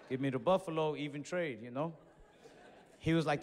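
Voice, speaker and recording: A man's voice: a little high, normal speed, long pauses. A man doing stand-up comedy, telling a story and acting out the other people in it. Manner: animated, acts out both sides of the story. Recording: live show with long hall reverb.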